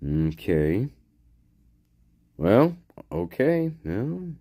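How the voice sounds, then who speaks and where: A man's voice: mid-range voice, very animated, very slow, creaky, warm tone, no room sound, studio quality. A man hosting a casual livestream, swearing and ranting angrily, then muttering to himself as he reads the chat. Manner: profane angry ranting; muttering while reading chat. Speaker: livestream host.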